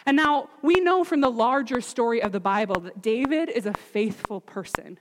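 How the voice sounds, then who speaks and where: A woman preaching a sermon, retelling a Bible story in a lively way and acting out the quotes, recorded in an echoey hall with background noise. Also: on the high side, moderate pace, few pauses.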